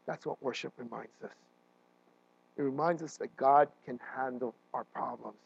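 A man preaching a sermon as a pastor, animated and often checking in with his listeners, with frequent restarts and fillers. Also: mid-range voice, normal speed, creaky, slightly rough, highs cut off.

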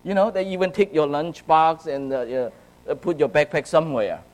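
Speaking a little high at a moderate pace, this man from China addresses young people as a youth speaker, recounting his own story. He shifts dramatically between quiet and loud, checking in with frequent "right?" and "okay?" The recording sounds rough.

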